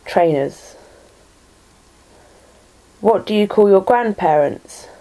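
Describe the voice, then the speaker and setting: A woman's voice: medium pitch, animated, slow, mellow, low-quality recording. A woman from Norfolk with a Norfolk English accent, chatting in a casual vlog and reading out a word list, hesitant with many ums and self-deprecating asides, recorded on a computer webcam at home. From Norfolk, England.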